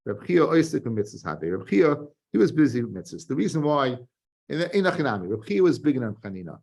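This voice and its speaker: A man teaching a Talmud lesson, reading the text aloud and explaining it in quick, restarting spoken English. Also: mid-range voice, big pitch swings, gravelly, a little mellow. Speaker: rabbi teaching daily Talmud page. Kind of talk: Talmud lecture.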